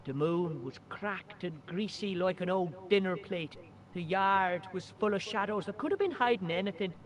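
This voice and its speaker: An actor playing a cheeky, boastful young Irish boy in a game, with a high, boyish, chirpy way of telling tales. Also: lively intonation, moderate pace. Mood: spooky tale. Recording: game audio with music behind.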